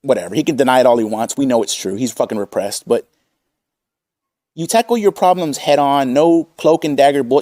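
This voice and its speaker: A man's voice: medium pitch, brisk, mellow, no room sound, studio quality. A man hosting a commentary channel, combative and profane as he reads out and mocks chat messages. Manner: combative, swearing, reads chat quotes aloud.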